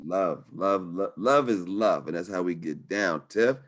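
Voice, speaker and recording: A man's voice: low-pitched, a little slow. A man hosting a live webinar over a video call, talking in an upbeat, slangy, hyped-up way. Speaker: webinar host. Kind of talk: live webinar sales talk.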